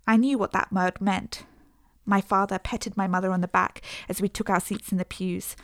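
A woman's voice: medium pitch, steady tone, moderate pace, no echo. Woman narrating a story, dry and close. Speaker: audiobook narrator. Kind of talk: scripted first-person narration.

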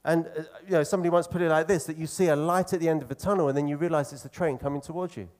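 A man preaching a sermon in an earnest, conversational way, slowing down to stress key phrases. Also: on the high side, fairly even intonation, a little mellow.

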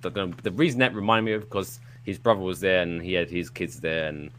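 A man hosting a live podcast, telling a rambling story in a playful, animated way, throwing in silly sound effects. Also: low voice, a little fast. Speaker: podcast host. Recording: live show with audience.

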